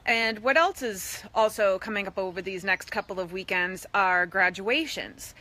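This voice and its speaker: Bright, chatty raised woman. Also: medium pitch, moderate pace. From East Boston, USA. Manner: chatty, with playful voiced asides. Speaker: fitness coach. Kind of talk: live social media video.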